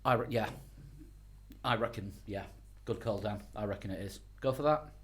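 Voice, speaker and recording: A man's voice: fairly low pitch, moderate pace, a bit bright. A man co-hosting a casual podcast and reading out listener emails, hesitant with many ums and self-deprecating. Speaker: podcast co-host, reads the mailbag.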